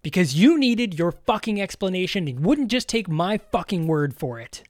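A man playing a frantic male scientist in an audio drama, speaking urgently with frequent swearing and rushed words. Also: on the high side, no echo, clean studio sound, close to an everyday voice. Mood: furious. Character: frantic male scientist husband, two versions.

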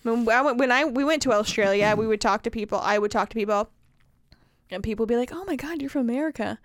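A woman's voice: on the high side, steady tone, quick pace, dry recording, studio quality. A woman from the northern US, co-hosting a casual chat in a blunt, profanity-laced way. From northern US, Wisconsin. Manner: blunt, swears freely, laughs often. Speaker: podcast co-host.

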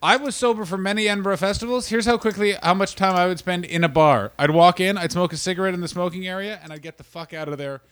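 A man co-hosting a comedy podcast, rambling and swearing as he jokes, dropping suddenly quiet and then getting loud again. His voice sits somewhat high for a man. It is recorded close and dry. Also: steady tone, fast, few pauses, clean tone, no echo. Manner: rambling, profane, swings between loud and quiet. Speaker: podcast co-host. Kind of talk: casual comedic chat.

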